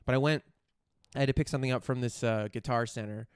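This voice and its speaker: A man's voice: medium pitch, steady tone, fast talker, clean tone, no room sound, studio quality. A man hosting a podcast, chatting in a rambling, candid way and swearing casually. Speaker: podcast host. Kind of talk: casual chat.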